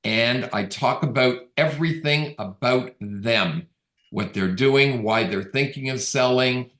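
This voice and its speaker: Middle-aged man from Canada, conversational storyteller, mid pitch, echoey room sound. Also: slow pace, fairly bright tone. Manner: conversational, storytelling with quoted dialogue. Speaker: real estate agent giving a webinar talk. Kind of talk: casual storytelling talk. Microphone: video call. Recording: roomy echo on the voice.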